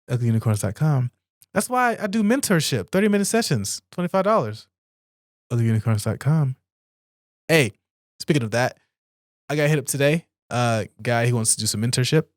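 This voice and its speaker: Recorded cleanly in a studio with no room sound, a male podcast host works through a list on his own show. He reads each point, then riffs on it with casual swearing, asides, and high-pitched flashes of frustration.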